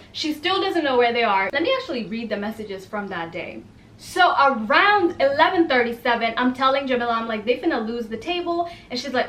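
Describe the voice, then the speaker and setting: A young woman telling a casual storytime to camera, animated and exasperated, acting out the people she quotes. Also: high voice, quick pace, echoey room.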